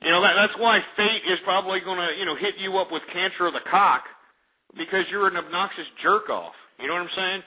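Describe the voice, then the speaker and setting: A man's voice: sits high, fairly quick. A man hosting a call-in radio show, ranting and hurling insults at callers. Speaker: radio talk show host. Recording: lo-fi phone-like radio audio.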